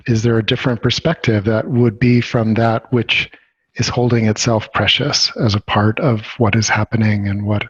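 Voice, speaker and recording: A man facilitating a workshop, reflecting back what he heard in a slow, thoughtful, gentle way. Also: lowish voice, flat delivery, husky, no echo, lo-fi sound. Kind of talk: reflective listening.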